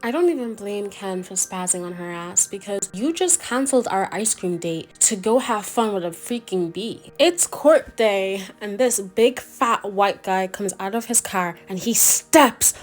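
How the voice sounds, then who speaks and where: A woman's voice: medium pitch, lively intonation, a little slow, few pauses, faint music behind. A young woman narrating a comedic movie recap in a crude, sarcastic, mocking way.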